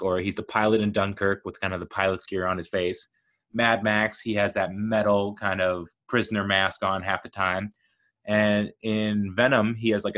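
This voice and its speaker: A man with a fairly low voice hosts his own movie podcast. He rambles through his thoughts, cracking jokes, breaking off mid-sentence and jumping in pitch when he gets excited. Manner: rambling, jokey, animated, self-interrupting. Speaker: podcast host. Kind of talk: solo casual movie commentary.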